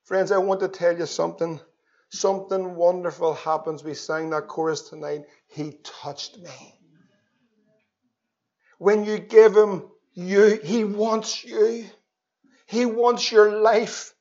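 A man preaching an evangelistic sermon, swinging between loud pleas and hushed tones. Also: sits high, fairly even intonation, slow. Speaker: pastor. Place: church. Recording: dull lo-fi sermon recording.

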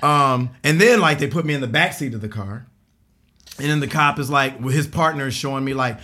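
A man's voice: medium pitch, a little fast. A man in his forties telling a long personal story in casual talk, acting out the voices of the people in it and laughing along the way. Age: 40s. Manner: animated, acts out quoted voices, laughs while telling. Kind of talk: casual storytelling on a podcast panel.

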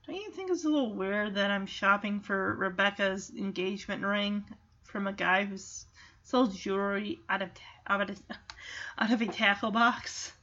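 A woman voicing an earnest, worried man shopping for an engagement ring, in a quieter, lower tone. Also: normal speed, highs cut off, natural voice.

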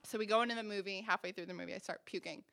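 A woman's voice: medium pitch, steady tone, very fast, sharp tone, dry recording. A woman in her twenties telling a funny personal story on stage, acting out the dialogue with self-deprecating humor.

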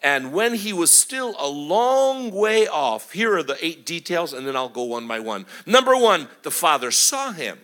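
A middle-aged man, a guest preacher, giving an animated sermon full of stories and swings between booming and hushed delivery. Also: a little slow, few pauses.

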